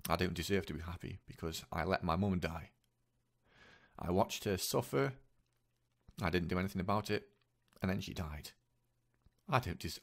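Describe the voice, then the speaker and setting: Man, personal confessional vlog, halting and repetitive, earnest, lowish pitch. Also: creaky. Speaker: vlogger.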